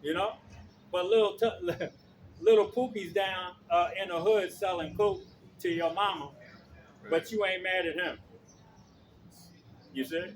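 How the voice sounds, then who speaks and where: A man preaching outdoors on the street, loud and blunt, swearing and checking in with his listeners again and again. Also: sits high, measured pace, pauses often, a little hiss or hum. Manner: loud, blunt, profane, keeps asking "okay?".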